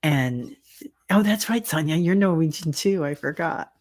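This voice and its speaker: A middle-aged woman hosts a tarot and mediumship livestream. She talks at an unhurried, slow pace and rambles through family stories full of filler words. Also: low voice, animated, a little mellow. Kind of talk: casual livestream chat with viewers.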